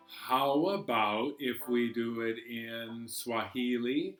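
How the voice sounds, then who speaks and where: A man leading a children's library storytime, talking gently and singing simple songs with a banjo. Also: medium pitch, slow, few pauses, reverberant, loud music behind the voice.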